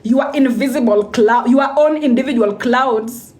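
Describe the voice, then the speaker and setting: Here a young motivational speaker talks on a livestream with a high, lively voice at a moderate pace, a little background noise audible. Her delivery is emphatic and repetitive, and she often starts sentences over.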